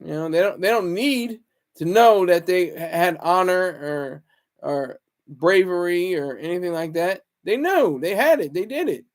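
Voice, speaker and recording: A man's voice: high-pitched, animated, measured pace. A man talking in a casual, rambling monologue, often restarting his sentences and chuckling to himself. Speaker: vlogger.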